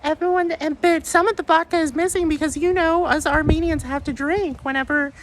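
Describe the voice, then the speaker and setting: Man doing a shrill whiny mock voice. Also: fairly even intonation, fairly quick, noisy background. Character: shrill mocking man complaining about a store.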